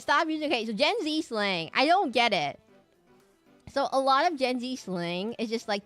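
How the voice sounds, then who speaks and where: A woman streamer chatting casually while she draws, with a slight lisp and fast, tumbling speech full of restarts. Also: medium pitch, fairly bright tone.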